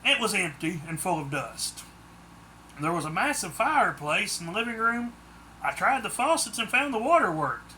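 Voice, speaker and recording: A man reads his own book aloud as plain first-person audiobook narration. His voice is high and very bright, with a sharp edge. The storytelling is steady and unadorned. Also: normal speed, slight background noise.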